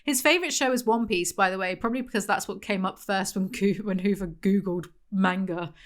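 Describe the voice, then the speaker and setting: A woman's voice: medium pitch, a little fast. Dry, mocking woman reviewer. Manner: dry, mocking, frequent laughs. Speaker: book reviewer. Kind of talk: sarcastic book review commentary.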